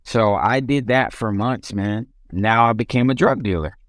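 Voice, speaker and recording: A man's voice: fairly low pitch, moderate pace, no room sound, studio quality. A young man, a podcast guest, telling his own story in casual speech with frequent restarts and fillers.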